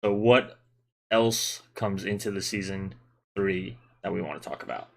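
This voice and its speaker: A man's voice: low voice, measured pace, gravelly, fairly bright tone. A man hosting a casual gaming podcast, chatty and teasing, explaining rules at length. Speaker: podcast host.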